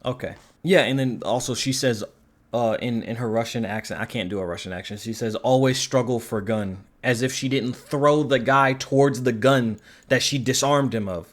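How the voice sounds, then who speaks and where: A man's voice: mid-range voice, moderate pace. A man giving a casual spoken film review, rambling and sarcastic, swearing casually. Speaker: movie reviewer.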